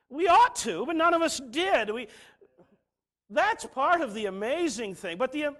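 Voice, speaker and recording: A middle-aged man preaching a sermon, swinging from soft asides to emphatic declarations. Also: extremely high pitch.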